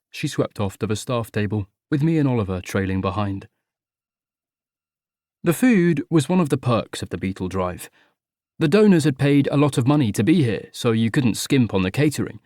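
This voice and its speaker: A man's voice: medium pitch, darkish tone, no room sound. Guy reading an audiobook, wry and chatty, mid voice, dry close mic. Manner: wry, conversational. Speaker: audiobook narrator. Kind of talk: first-person audiobook narration.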